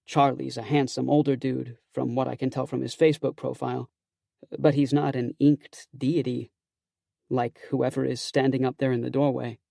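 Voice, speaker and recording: A man's voice: medium pitch, flat delivery, normal speed, gravelly, warm tone, no room sound. A man narrating a first-person audiobook in a wry, conversational, self-conscious way, close to a studio mic.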